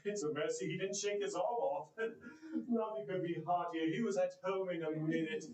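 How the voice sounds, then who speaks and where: A man performing a theatrical one-man telling of a classic tale, animated and swinging his voice to play the characters. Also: sits high, a little fast. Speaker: storyteller. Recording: echoey room.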